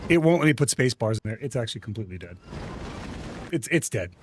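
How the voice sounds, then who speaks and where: A man streaming a game live, talking to his chat in a casual, exasperated rant and yelling when things go wrong. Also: mid-range voice, sing-song, fast talker, background noise. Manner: exasperated, ranting, yelling in frustration. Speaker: vtuber streamer.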